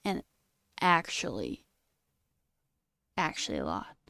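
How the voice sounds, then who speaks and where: On her livestream, a young woman chats casually, laughs a lot, and leans heavily on "okay" and "all right." Her lowish voice is animated and moves at normal speed, with clean studio sound and no room tone.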